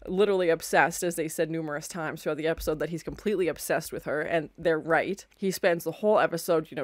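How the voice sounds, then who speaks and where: A woman's voice: low voice, dry recording, clean studio sound. A young woman hosting a reaction video, casually talking through her thoughts on an episode she just watched. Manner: exclaims often, then talks at length in an even, thoughtful way.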